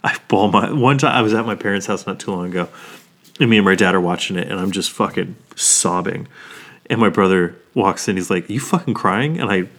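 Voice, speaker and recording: A man's voice: deep voice, a little fast, fairly bright tone. A man in his thirties, a podcast co-host, chatting casually, swearing often and getting emotional about films. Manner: swears a lot, gets emotional about movies. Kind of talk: casual chat.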